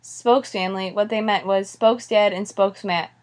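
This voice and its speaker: A woman reading the part of an excitable, sarcastic little brother. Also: mid-range voice, normal speed, lightly acted. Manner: loud, sarcastic. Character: bratty, excitable little boy.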